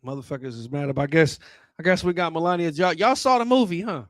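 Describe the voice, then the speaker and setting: A man in his thirties doing a loose, profane and rambling stand-up comedy set on a club stage, talking into a handheld mic, with sudden loud outbursts. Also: sits high, animated, brisk, no echo. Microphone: handheld microphone.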